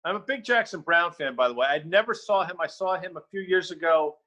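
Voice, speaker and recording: A man co-hosting a casual market chat, his voice a touch higher than most and strikingly bright and forward. He drops wry, joking asides as he talks. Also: fairly quick, poor audio. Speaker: podcast co-host.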